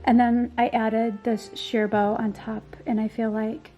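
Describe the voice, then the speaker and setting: A woman's voice: on the high side, little pitch movement, a little slow, dark tone. A woman narrating a casual home decor tour, gushing and enthusiastic, with frequent ums and likes and a slightly worn voice. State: slightly losing her voice.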